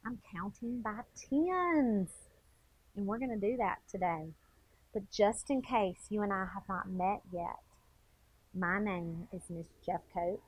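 A woman's voice: a little high, dry recording. Bubbly woman teaching kids. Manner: playful, animated, talks straight to kids. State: a little out of breath. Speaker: second grade teacher. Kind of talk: TV math lesson for children.

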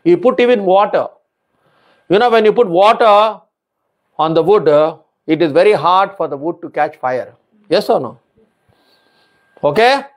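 A man's voice: high-pitched, lively intonation, unhurried, pauses often. A man preaching a sermon, emphatic and repetitive, with frequent hallelujahs and non-native English phrasing.

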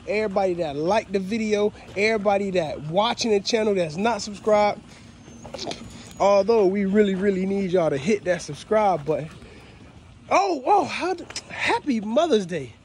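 A man's voice: high voice, normal speed, a little mellow, slight background noise. A man, talking casually and heartfelt to his viewers on a phone outdoors at his dog kennels. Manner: heartfelt, repetitive, addresses viewers as fam. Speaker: dog breeder vlogger. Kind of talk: casual thank-you vlog. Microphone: phone held while walking outdoors.

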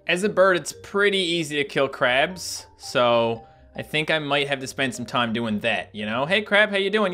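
A young man casually commenting on a game he plays, chatty and animated, yelping and laughing when surprised. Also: on the high side, moderate pace, faint music behind. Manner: animated, yelps and laughs at sudden attacks. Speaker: gaming YouTuber. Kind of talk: casual let's-play commentary.

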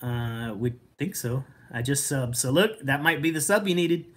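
Low-voiced woman bantering on a livestream. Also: expressive, moderate pace. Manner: joking, laughs often, talks to chat. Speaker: toy hunter livestream co-host. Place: home collection room.

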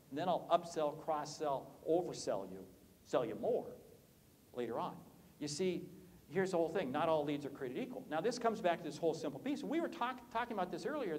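A man giving an energetic conference keynote on sales, joking with the audience and swinging his voice up and down for effect. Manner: animated, swoops pitch up and down, jokes with audience. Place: conference hall.

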